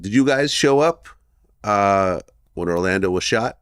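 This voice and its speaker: A man hosting an interview, telling a story in a casual, animated way that builds to a punchline. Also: on the low side, a little slow, clean tone. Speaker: interviewer, host.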